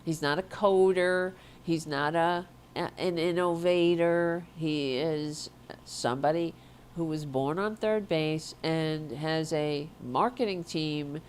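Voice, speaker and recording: A woman hosts a political talk show in a low, darkish voice that sounds congested and stuffed up, with a little hiss or hum. She delivers opinionated commentary bluntly and indignantly, swearing and restarting often.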